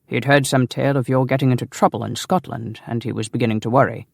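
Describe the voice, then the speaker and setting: A deep-voiced English nobleman, young and sly, who needles his friend with playful mockery, as a male narrator reads him. The voice is low and gravelly, and the sound is close and dry. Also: steady tone, fast talker, no echo. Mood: teasing. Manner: mocking, playful.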